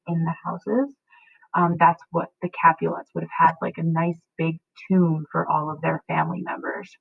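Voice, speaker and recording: A woman's voice: on the low side, gravelly, dry recording. A woman teacher reading a play aloud and explaining it to students, checking in often. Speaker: English teacher. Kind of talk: read-aloud lesson. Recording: tinny phone-like audio.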